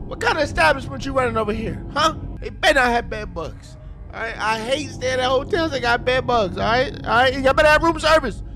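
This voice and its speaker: A man hosting a horror gaming video, joking loudly and often shouting with excitement. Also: very high-pitched. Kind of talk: horror game commentary.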